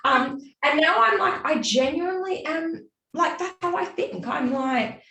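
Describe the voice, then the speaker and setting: A woman chatting as an interview guest, animated and acting out her own inner voice. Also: high-pitched, measured pace. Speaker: guest, business mentor. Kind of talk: casual interview chat. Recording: roomy sound from a distance off the mic.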